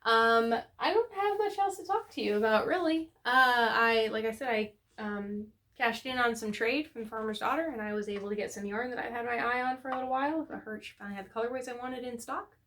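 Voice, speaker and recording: A woman's voice: fairly high pitch, a little fast, hardly any pauses, fairly bright tone. A woman hosting a knitting podcast, chatting casually and rambling with many fillers and self-corrections. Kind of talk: casual chat to camera.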